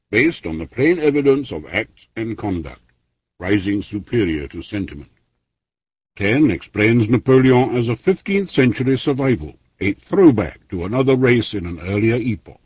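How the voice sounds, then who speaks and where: Lively, husky male history narrator. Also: on the low side, dry recording. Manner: measured, formal reading with lively emphasis. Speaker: audiobook narrator. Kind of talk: scripted narration of a history book. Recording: dry, dull lo-fi studio recording.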